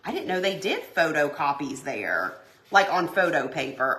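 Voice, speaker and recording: Reading live comments on her craft stream, a Tennessee woman in her forties chats in a folksy way, full of filler words. Her voice is low-pitched and sing-song, fairly bright, at a moderate pace.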